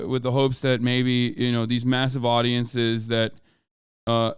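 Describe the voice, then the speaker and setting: A man's voice: mid-range voice, clean tone, no echo, studio quality. A young man, a streamer, chatting casually on a live stream in a rambling, self-correcting way.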